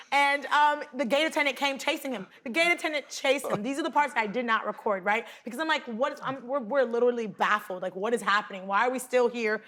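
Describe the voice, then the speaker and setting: A woman's voice: a little high, a bit bright. A woman guest telling a story on a talk show, chatty and full of fillers. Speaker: guest passenger. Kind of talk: animated storytelling. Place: TV studio.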